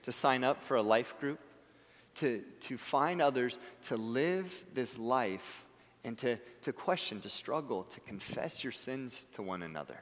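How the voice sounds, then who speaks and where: A man preaching a sermon as pastor, earnest, rising to emphatic peaks and then dropping to soft, quiet phrases. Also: medium pitch, animated, measured pace. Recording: long hall reverb.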